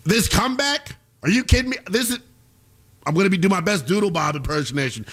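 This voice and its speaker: Animated man giving heated basketball commentary. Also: high voice. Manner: emphatic, swings between loud outbursts and fast asides. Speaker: basketball show host.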